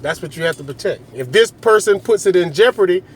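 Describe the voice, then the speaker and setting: A man's voice: high voice, animated, fairly quick, husky. A man delivering a comedic rant monologue, profane and rambling, with mocking asides.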